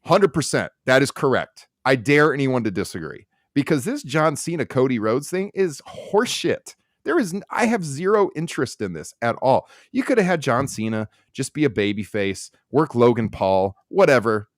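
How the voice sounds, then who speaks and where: A man co-hosting a podcast, ranting bluntly and sarcastically about what he dislikes. His pitch swings widely as he talks. The sound is close and dry, with no room echo. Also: sing-song, normal speed, hardly any pauses. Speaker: podcast co-host. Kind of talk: casual opinionated podcast chat.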